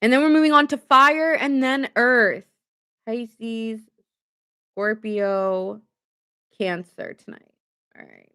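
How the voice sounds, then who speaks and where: A woman's voice: fairly high pitch, fairly even intonation, slow pace, long pauses, pushed and bright, clear, resonant tone. A woman giving a casual live tarot reading, chatty and often laughing as she acts out what people say. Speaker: tarot reader streaming live.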